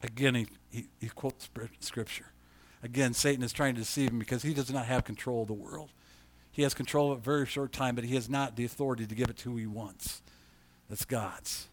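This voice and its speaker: A pastor preaching in a conversational way, reading scripture aloud and rising to loud emphasis. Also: male voice, mid-range voice, fairly even intonation, a little fast. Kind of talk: sermon.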